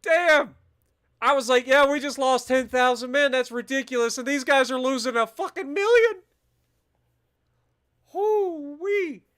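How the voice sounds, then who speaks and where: A man streaming a naval strategy game, commenting casually, swearing freely and bursting into loud disbelief at the battle results. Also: very high-pitched, clear, resonant tone. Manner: muttering calmly while managing menus.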